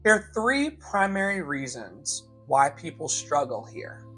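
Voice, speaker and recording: A man coaching his listeners in a live motivational talk, repeating key lines slowly for emphasis and calling them beloved. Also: on the high side, big pitch swings, sharp tone, slightly rough, faint music behind, low-quality recording. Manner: emphatic, slow repetitions for effect. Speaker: life coach and show host.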